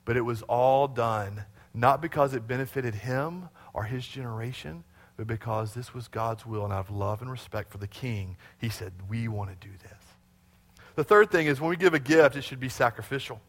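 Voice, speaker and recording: A pastor preaching an animated sermon, calling on the congregation to repeat lines after him. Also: male voice, medium pitch, normal speed.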